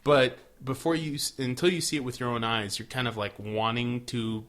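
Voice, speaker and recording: A man's voice: medium pitch, steady tone, moderate pace, a bit bright. A man co-hosting a casual podcast, recapping an episode in a laid-back way, swearing and acting out the characters' lines. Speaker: podcast co-host.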